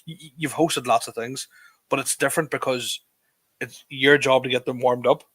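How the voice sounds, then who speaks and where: A man's voice: mid-range voice, fairly even intonation, moderate pace, a bit bright, husky, no echo. A Northern Irish man and comedian co-hosting a podcast, easygoing in casual chat, laughing often. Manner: laid-back, laughs often, repeats words.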